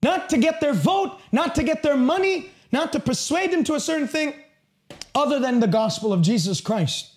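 A man preaching a sermon with passion and emphasis, sometimes rising to a shout. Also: extremely high pitch, animated, moderate pace.

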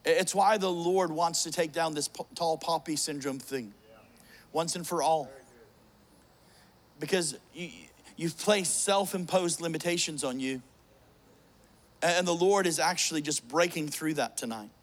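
A man's voice: fairly high pitch, a little slow. A middle-aged man preaching a sermon, telling a funny personal story with jokes and many restarts. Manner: joking, storytelling, frequent restarts.

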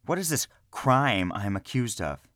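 A man's voice: medium pitch, very animated, moderate pace, fairly bright tone, dry recording, clean studio sound, pitched above the performer's own voice. A man voicing a desperate young male warlock who cries out in raised, angry protests, in an audiobook reading. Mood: angry defiant. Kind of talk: audiobook character voice.

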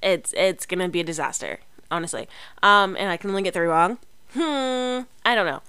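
Young woman, casual rambling vlogger, lower pitch, very dry close recording. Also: animated, normal speed, pushed and bright, smooth, no echo. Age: young adult. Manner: chatty, rambling, lots of fillers and self-corrections. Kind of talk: casual chat to camera.

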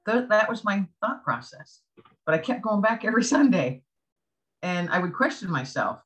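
Woman guest sharing her faith story, earnest, acts out what she was thinking back then, middle pitch. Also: sing-song, normal speed, a bit bright, rough recording. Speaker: interview guest. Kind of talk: personal faith testimony in conversation.

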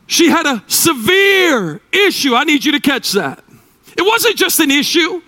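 Shouting preacher, high bright voice. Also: male voice, sing-song, a little slow. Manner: shouting, dramatic swings between loud and hushed; repetitive preaching cadence. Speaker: pastor. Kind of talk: sermon.

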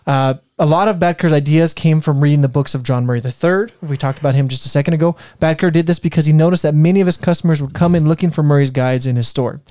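A man's voice: on the high side, fast, hardly any pauses, warm tone, no echo, clean studio sound. A man co-hosting a casual history podcast, reading from notes with many fillers and restarts. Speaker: podcast co-host presenting history.

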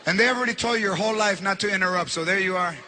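A man doing stand-up, telling an animated family story. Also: sits high, rapid-fire, background noise. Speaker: stand-up comedian.

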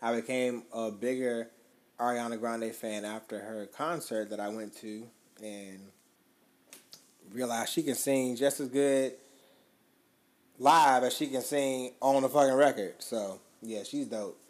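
A man's voice: medium pitch, steady tone, measured pace. A man co-hosting a podcast, chatting casually about his favorite albums in loose, slangy talk with easy swearing. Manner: laid-back slangy talk, swears freely. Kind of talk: casual chat about music.

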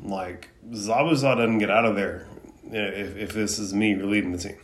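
A man's voice: on the low side, fairly even intonation, normal speed, a little hiss or hum. Casual man recapping an anime. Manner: casual, slangy, fillers. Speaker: anime reviewer. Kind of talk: casual episode recap and commentary.

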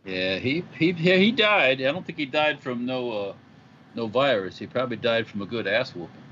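A man's voice: mid-range voice, animated, moderate pace, fairly bright tone, dull audio, slight background noise. A man co-hosting a live podcast, chatting casually and cracking jokes as he rambles. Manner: rambling, wisecracking. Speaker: podcast co-host. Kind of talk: casual live-stream chat.

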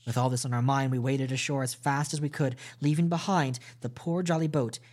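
A man narrating a classic adventure novel aloud at a steady, measured pace, with small restarts. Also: medium pitch. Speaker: podcast host reading a novel aloud. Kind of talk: audiobook storytelling narration.

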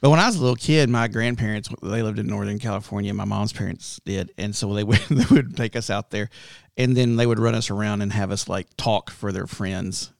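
A man's voice: lowish voice, a little fast, vocal fry, no room sound. A man with a Texan accent, hosting a casual chat and telling a rambling story full of restarts. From Texas. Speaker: podcast host.

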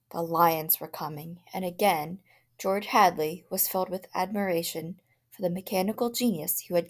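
Expressive woman reading a story aloud. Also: on the low side, creaky. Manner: expressive, dropping to a whisper in tense passages. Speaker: teacher.

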